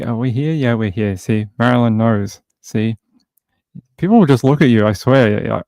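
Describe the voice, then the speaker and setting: A gravelly-voiced Australian man hosts a casual livestream, greeting viewers by name and joking around. His delivery is loose and chatty with a tired edge, recorded close and dry with no room sound. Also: medium pitch, a little mellow, no echo. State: tired from insomnia. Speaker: livestream host.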